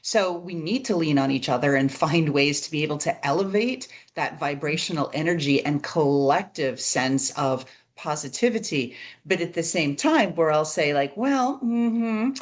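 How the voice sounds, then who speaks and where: A woman's voice: low voice, normal speed, hardly any pauses. A woman hosting a business podcast, chatty and often checking in with her guest. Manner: chatty, tags statements with "right?". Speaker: podcast host. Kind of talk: conversational interview.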